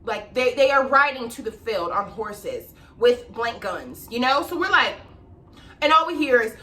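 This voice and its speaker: A young woman casually telling a story to camera, animated and swearing freely as she acts out the people in it. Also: fairly high pitch, measured pace, recorded from a distance.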